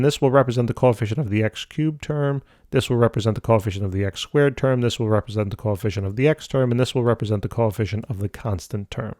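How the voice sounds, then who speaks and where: Guy tutoring math, chill and upbeat, dry close sound, regular pitch. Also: darkish tone, no room sound. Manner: casual, upbeat explaining with playful asides. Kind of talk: step-by-step math lesson.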